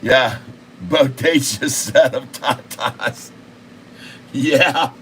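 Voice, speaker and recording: A man hosting a live day-trading stream, excitable and repetitive, cracking crude jokes and bursting out loudly. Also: medium pitch, drawn-out words, a little hiss or hum. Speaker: day-trading livestream host.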